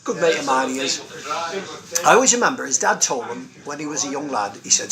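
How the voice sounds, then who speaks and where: A man's voice: fairly high pitch, sing-song, moderate pace. A man hosting in character, rambling cheerfully through one-liner jokes in a busy pub. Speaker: comic host in character. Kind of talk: joke-telling pub comedy. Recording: loud pub crowd behind.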